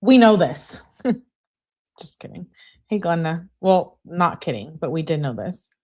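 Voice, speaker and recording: A woman's voice: lowish voice, animated, normal speed, darkish tone. A woman hosting a live stream, reading text messages aloud and greeting her viewers between them. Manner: reads texts with "she says" tags, chats with viewers. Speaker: livestream host reading case texts.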